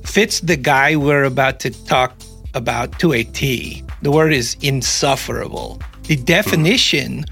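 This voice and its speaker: A man's voice: mid-range voice, a little slow, vocal fry, fairly bright tone, soft background music. A man hosting a podcast, chatting casually and narrating a true-crime story with sarcastic asides. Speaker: podcast host.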